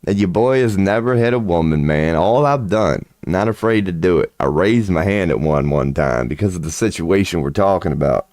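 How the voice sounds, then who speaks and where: A man's voice: low-pitched, lively intonation, moderate pace, few pauses, darkish tone, no echo, studio quality. A man hosting his channel in a casual, rambling monologue, crude and swaggering, swearing freely and often laughing mid-sentence. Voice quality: crude, swaggering, profanity-laced talk. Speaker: channel host.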